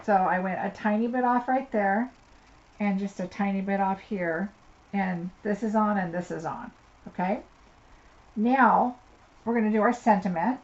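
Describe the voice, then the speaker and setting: A woman's voice: mid-range voice, a little slow. A woman giving a live card-making tutorial, chatting and thinking aloud as she works at her desk. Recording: slightly dull audio with faint noise.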